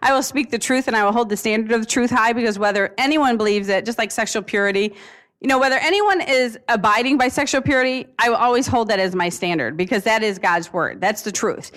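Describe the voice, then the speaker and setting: A woman's voice: on the high side, fast, a bit bright. A woman youth minister giving an earnest, casual conference talk, full of fillers and little laughs.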